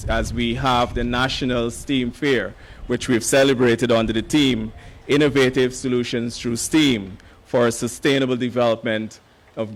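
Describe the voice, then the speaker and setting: Hoarse official at a podium, middle-pitched man, formal and measured, leaning on "uh" fillers. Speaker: education official giving remarks. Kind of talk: formal ceremony speech.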